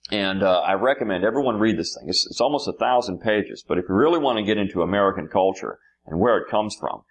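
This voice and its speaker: A man giving an unscripted history lecture to his students, pausing often with fillers and restarting sentences. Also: fairly low pitch, animated. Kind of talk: classroom lecture.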